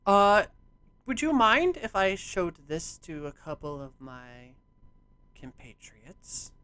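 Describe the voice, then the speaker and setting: A man's voice: sits high, big pitch swings, slow, bright, forceful tone, clean tone. A man running a tabletop game as game master, narrating and ruling with many hesitant fillers.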